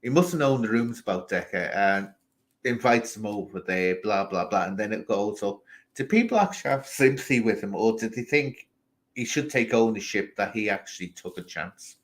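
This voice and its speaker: A man's voice: on the low side, lively intonation, normal speed. A man from England hosting a casual live stream, ranting animatedly and talking straight to people in the chat.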